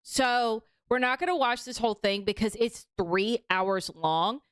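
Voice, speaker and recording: A woman's voice: on the high side, unhurried, smooth, dry recording. Chatty, mocking woman streamer. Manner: chatty, mocking, lots of "like" fillers. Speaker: commentary streamer. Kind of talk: casual reaction commentary.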